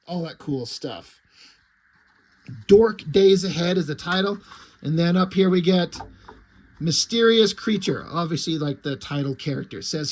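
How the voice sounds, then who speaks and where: A man with a fairly high voice chats his way through a comic, amused and easygoing. His talk is loose and full of fillers, like a casual review. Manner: relaxed, amused, many fillers. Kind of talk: casual review, reading aloud.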